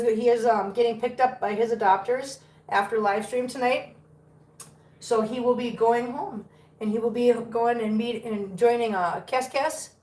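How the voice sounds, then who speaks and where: A woman's voice: on the high side, far from the mic. A woman from the US, chatting casually to her live stream viewers and laughing often. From Southern US. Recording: roomy sound from off mic.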